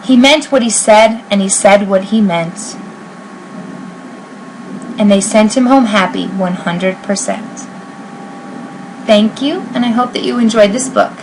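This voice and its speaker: A woman reading a children's picture book aloud in an expressive, sing-song rhyming voice. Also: medium pitch, unhurried, pauses often, a little hiss or hum, poor audio. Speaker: reader.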